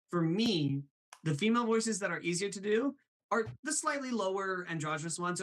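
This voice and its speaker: A man with a fairly high, fairly bright voice hosts a live show over poor audio. He chats bubbly about voice impressions, laughs often and reads out viewer comments.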